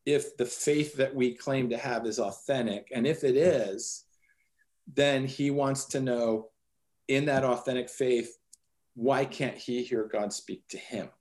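A man with a mid-range voice speaks conversationally, retelling a personal story in an earnest, animated way. He slips into the voices of the people in his story as he goes. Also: medium pitch, measured pace. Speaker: guest telling a personal story.

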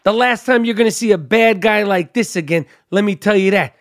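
A man's voice: high-pitched, brisk, no room sound, studio quality. A man imitating a swaggering, defiant gangster boss in a mock Cuban accent, snarling and profane.

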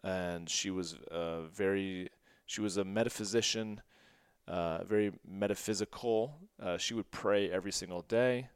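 Smooth low-voiced man telling a story. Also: normal speed, no echo, studio quality. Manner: rambling, many "like" fillers and restarts; earnest and emotional. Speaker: podcast host. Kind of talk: personal storytelling.

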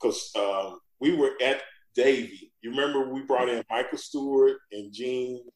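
A man's voice: mid-range voice, measured pace, roomy sound, rough recording. A man, a former pro football lineman, telling stories in a casual chat and acting out the quotes. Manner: animated storyteller, acts out quotes. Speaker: former NFL lineman guest.

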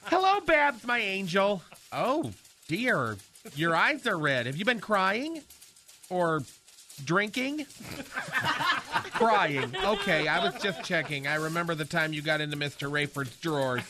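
A man's voice: high voice, sing-song, slow pace, noisy background, full character voice. A man playing a flamboyant, theatrical gay character in a radio comedy sketch, talking in a sing-song, gossipy way. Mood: fussy gossip. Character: flamboyant campy gay man, chatty and dramatic.

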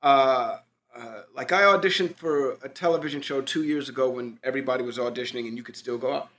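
A man's voice: mid-range voice, fast talker, fairly bright tone. A man telling casual anecdotes about auditions, loose and profane, acting out quoted lines. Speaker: actor, podcast guest. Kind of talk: casual storytelling chat.

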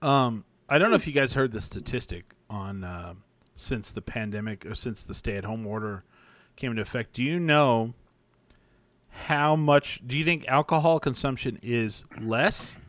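A man's voice: medium pitch, normal speed, fairly bright tone, no echo. Guy hosting a stream, rambly storyteller, swears a lot, dry close sound. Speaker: show host. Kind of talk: casual chat on a stream.

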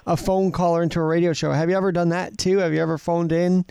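A man's voice: fairly high pitch, flat delivery, fast talker, gravelly, dark tone, smooth, no echo. A man hosting an interview, asking friendly, probing questions. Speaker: radio show host.

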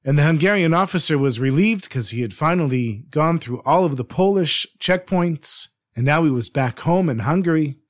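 A man's voice: on the high side, normal speed, few pauses. Earnest man telling a dramatic story. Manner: earnest, expressive.

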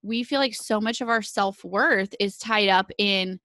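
A woman's voice: medium pitch, unhurried, sharp tone, dry recording, clean studio sound. A woman in her thirties hosting a podcast, telling stories animatedly in casual conversation and laughing often. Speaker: podcast host.

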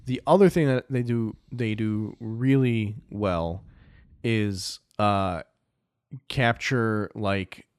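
A man co-hosting a podcast in casual chat, rambling with lots of fillers and drawn-out phrasing, talking from a room at home. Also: lowish voice, a little mellow, clear, resonant tone, no echo. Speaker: podcast co-host.

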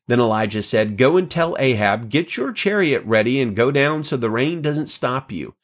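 A man reading a scripture passage aloud, dramatic and expressive, giving the quoted speakers their own voices and correcting small slips as he goes. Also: medium pitch, normal speed, few pauses. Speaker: scripture reader.

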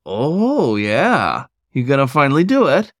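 A man voicing an affectionate, teasing male black bear who talks in a low growl. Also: huge pitch swings, unhurried, no room sound, studio quality. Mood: fond.

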